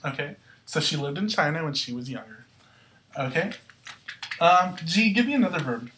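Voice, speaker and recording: A woman's voice: low-pitched, expressive, moderate pace, a bit bright, slight background noise. A woman teaching a Spanish grammar lesson, upbeat and going through the verb endings step by step. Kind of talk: classroom-style grammar lesson.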